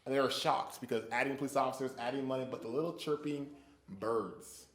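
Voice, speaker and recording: A man of medium pitch leads a Bible study, and he talks fairly quickly. He's an animated storyteller, acting out little voices and noises and asking the group questions along the way. The room has an echo.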